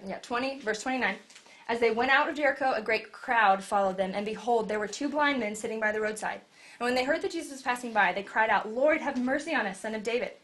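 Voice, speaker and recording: A woman delivers a sermon with a slightly high voice. She tells Bible stories in a lively way and acts out the scenes as she goes. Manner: animated storytelling, acting out Bible scenes. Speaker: preacher.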